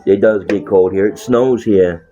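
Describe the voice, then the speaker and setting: A man's voice: on the low side, unhurried, dark tone, soft background music. A man talking casually about his life, blunt and full of swearing, often laughing. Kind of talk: casual profane monologue. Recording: dull lo-fi sound.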